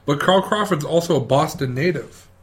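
A slightly high-pitched man runs through the sports news as a keen fan would. His talk is loose and laid-back, with the odd swear word thrown in. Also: normal speed. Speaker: sports segment presenter. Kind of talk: casual sports recap.

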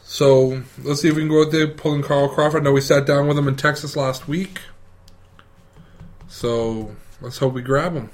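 A man's voice: medium pitch, steady tone, moderate pace. A man presenting the sports segment of a casual show, talking like an eager fan in a loose, sometimes profane way.

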